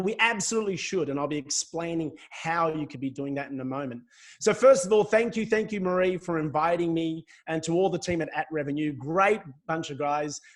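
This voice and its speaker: Australian guest speaker, middle-aged man, light high pitch, chatty and jokey, webinar video call. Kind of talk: webinar presentation.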